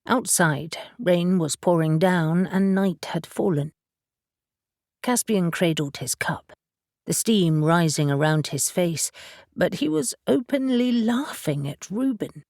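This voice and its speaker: A woman narrating an audiobook in a steady, deliberate reading voice. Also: lowish voice, no room sound, clean studio sound. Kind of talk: scripted narration.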